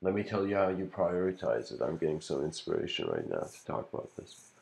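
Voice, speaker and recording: A man's voice: low-pitched, huge pitch swings, brisk, creaky, a little mellow. A man giving a casual livestreamed lecture, rambling and reflective, full of "you know" fillers. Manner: reflective, philosophical musing.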